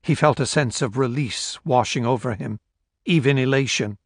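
Man, audiobook narrator, measured storytelling, mid-pitched voice, dry close recording. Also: no room sound.

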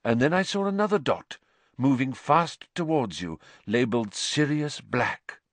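A man's voice: mid-range voice, animated, measured pace, dry recording, voice pushed up, natural voice. A man voicing an earnest, urgent male teacher who insists on being heard.

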